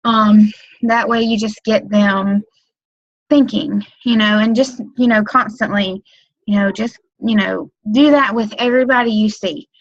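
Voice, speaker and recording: Here a webinar trainer talks in a medium pitch with a steady, unhurried tone, loosely rambling and leaning on "um," "like," and "you know." She's a direct sales consultant bringing new team members up to speed. The recording through her computer mic is dry and lo-fi.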